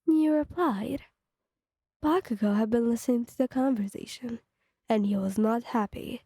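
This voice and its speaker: A young woman narrating a second-person fan fiction story in an even, read-aloud delivery. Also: a little high, moderate pace, breathy edge, no room sound, studio quality.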